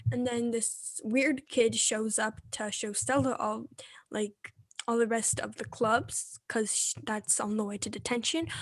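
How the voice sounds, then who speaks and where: A young woman casually retelling a movie plot as co-host, slipping into quick quoted voices. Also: fairly high pitch, little pitch movement, dry recording. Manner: retells scenes with quick put-on character quotes. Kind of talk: casual chat.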